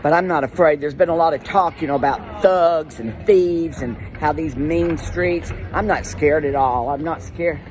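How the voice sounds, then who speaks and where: A man with a Southern US accent chatting to camera in an animated, exclaiming storytelling way. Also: fairly high pitch, moderate pace, few pauses, a faint crowd. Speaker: social media personality. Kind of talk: casual monologue to phone camera.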